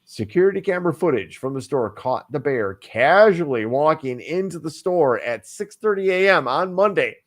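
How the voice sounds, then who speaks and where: A man's voice: fairly high pitch, animated, normal speed, few pauses. A man co-hosting a casual online talk show, reading a news story aloud with hammy jokes, stumbles and asides. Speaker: podcast co-host.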